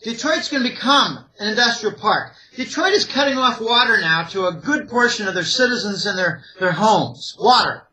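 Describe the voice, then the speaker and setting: A man's voice: high-pitched, lively intonation, normal speed, hardly any pauses, sharp tone, rough recording. A man from the Pittsburgh area, a financial analyst giving opinionated interview commentary in an emphatic, rambling way, listing point after point. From Pittsburgh area, USA.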